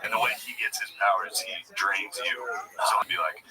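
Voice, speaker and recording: Low-voiced joking man in banter. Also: moderate pace, heavy background noise. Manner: joking banter, profane, riffs on the other speaker. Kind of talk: casual podcast chat.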